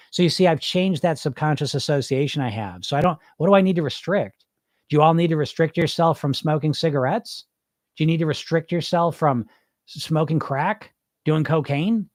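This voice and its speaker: A man's voice: fairly high pitch, brisk, no echo, clean studio sound. A middle-aged man who coaches weight loss, talking informally and bluntly on a podcast, asking his listeners rhetorical questions. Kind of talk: live podcast talk answering listeners.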